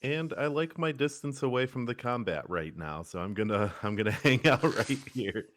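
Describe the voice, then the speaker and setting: A man's voice: medium pitch, lively intonation, moderate pace, fairly bright tone, no room sound, clean studio sound. A man playing a tabletop game, casual and laid-back. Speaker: player.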